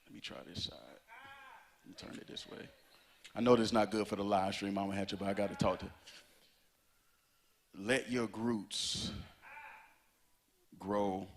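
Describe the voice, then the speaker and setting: A man's voice: fairly low pitch, flat delivery, fast, slight background noise. A man preaching a sermon to a live congregation, repeating lines and breaking into a sung, whooping cadence. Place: church sanctuary before a live congregation.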